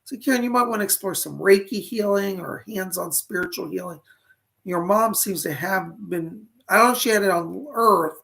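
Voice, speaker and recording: A man's voice: sits high, normal speed, gravelly, bright, forceful tone. A man hosting a live online psychic reading, talking chattily, greeting viewers by name, and losing his voice.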